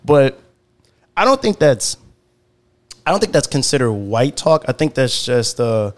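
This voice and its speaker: A man's voice: medium pitch, sing-song, a little slow. A young man co-hosting a podcast in casual, conversational chat, with lots of filler words. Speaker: podcast co-host.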